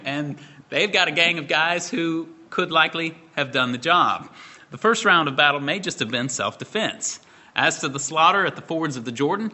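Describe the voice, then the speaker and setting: Bright-voiced preacher man, measured. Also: a little high. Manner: measured expository preaching with rhetorical questions. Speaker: pastor. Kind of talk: sermon.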